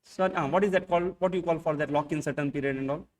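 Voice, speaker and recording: With a distant mic catching him, a man with an Indian English accent delivers an accounting lecture to his class in a slightly high, a little mellow voice, talking rapid-fire. He shoots rhetorical questions at students and acts out mini dialogues.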